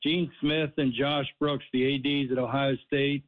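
A man's voice: mid-range voice, little pitch movement, unhurried. A man calling in as a guest executive on a radio show, polite and gracious. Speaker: bowl game executive, guest. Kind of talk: phoned-in radio interview. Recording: tinny phone line.

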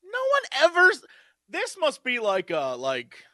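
A man's voice: extremely high pitch, huge pitch swings, measured pace, pushed and bright, no echo, studio quality. A man co-hosting a podcast in casual chat, eager and upbeat, laughing often. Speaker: podcast co-host.

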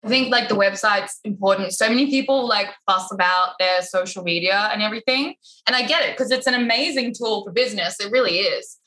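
A woman chatting casually about her photography business, animated and full of filler words. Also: mid-range voice, a little fast, few pauses, poor audio. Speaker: wedding photographer, podcast guest. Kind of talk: casual podcast chat.

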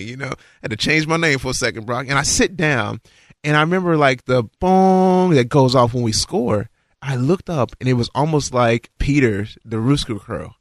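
A man telling a long, animated story about his football days, acting out his own lines. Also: moderate pace, no room sound, studio quality. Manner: animated, acts out dialogue with rising pitch. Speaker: guest recalling his football career. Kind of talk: casual storytelling.

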